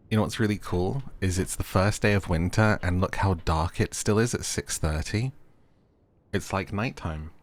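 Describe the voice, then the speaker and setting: A young man casually commenting while playing a cozy game, chatty and playful, easily delighted. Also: sits low. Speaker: gaming video creator. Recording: game music behind.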